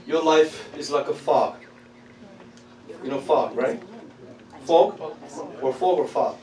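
Slow, high-voiced man preaching. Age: 40s. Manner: preaching with rising shouts and laughs, talking with congregation. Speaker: pastor. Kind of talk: sermon. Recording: echoey hall from far off with crowd.

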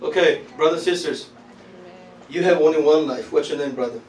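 A man, preaching a sermon as pastor, talking back and forth with the congregation and breaking into shouts and laughter. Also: fairly high pitch, a little fast. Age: 40s. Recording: echoey hall from far off with crowd.

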